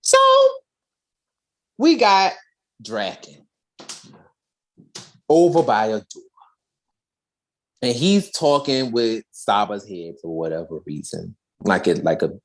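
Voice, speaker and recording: A young woman co-hosting a podcast, sassily retelling an episode and acting out the characters' lines in a slangy, expressive way. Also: very deep voice, takes it slowly, long pauses. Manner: sassy, expressive, slangy storyteller who jumps into character voices. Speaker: podcast co-host recapping an episode. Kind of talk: animated comedic recap with acted-out voices.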